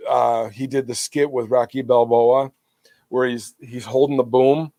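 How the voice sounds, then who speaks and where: A man co-hosting a casual podcast, telling stories with animated, laughing energy. His voice sits in the middle of the male range and is recorded dry and close on a podcast mic. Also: medium pitch, measured pace, no echo. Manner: animated storyteller who laughs while retelling. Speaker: podcast co-host. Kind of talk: casual chat. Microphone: podcast microphone.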